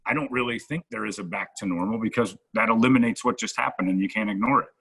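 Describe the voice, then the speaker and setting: A man's voice: fairly low pitch, fast, gravelly, slightly rough. A middle-aged man, a radio host, telling a comedic backstage story in casual chat. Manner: animated anecdote-telling, acts out quoted lines.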